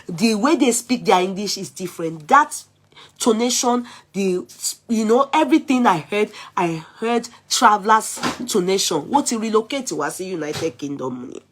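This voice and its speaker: A middle-aged woman with a Nigerian Yoruba accent, talking through casual commentary as a vlog host, animated and exclaiming as she switches between languages. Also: medium pitch, breathy edge. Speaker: vlog host taking calls.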